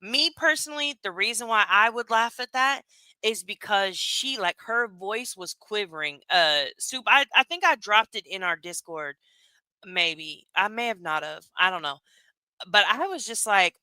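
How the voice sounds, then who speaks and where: A woman streamer telling a story to her chat in a loose, gossipy way, full of fillers and asides. Her voice is bright and clear, and the sound is dry and close. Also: mid-range voice, animated, moderate pace, no room sound. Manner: chatty, gossipy, laughs often, lots of fillers.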